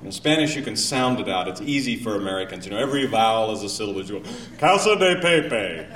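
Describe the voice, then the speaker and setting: A man doing a stand-up comedy routine, telling a travel story with lively delivery and mock foreign accents, while an audience laughs. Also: fairly low pitch, racing. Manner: animated storytelling, mock French and Spanish accents. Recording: roomy, distant live recording with noise.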